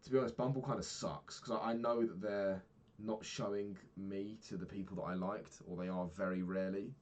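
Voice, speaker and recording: A man's voice: lowish voice, steady tone, a little fast, darkish tone. A young man in his twenties talking frankly in a rambling daily vlog, swearing casually and filling gaps with ums. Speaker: vlogger.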